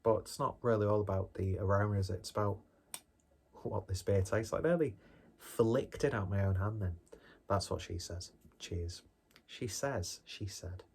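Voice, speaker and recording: A man's voice: on the low side, a little mellow, husky. A man casually reviewing a beer on his vlog in a rambling, jokey, self-deprecating way.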